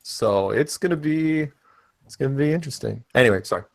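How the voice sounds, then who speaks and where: A man's voice: medium pitch, expressive, fairly quick, vocal fry, no room sound. An American man hosting an online panel chat, rambling and joking in a casual way. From United States. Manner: rambling, joking, self-deprecating.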